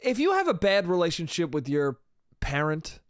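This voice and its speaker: A man's voice: on the high side, wildly swooping pitch, moderate pace, no echo. Rambling young man, dry close mic. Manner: rambling, casual, swears a lot, trails off with "I don't know". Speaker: podcast host. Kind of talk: solo comedic podcast monologue.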